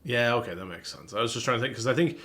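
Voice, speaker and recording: A man's voice: medium pitch, animated, rapid-fire, a bit bright. A young man co-hosting a podcast in casual chat, rambling and correcting himself, laughing often. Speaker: podcast co-host.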